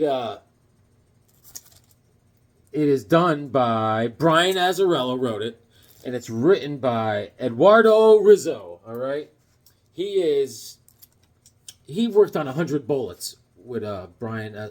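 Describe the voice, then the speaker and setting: A man with a somewhat high-pitched voice chats his way through a comic book review. He rambles loosely, leans on fillers and tag questions, and slips in the odd pun. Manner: jokey, with puns.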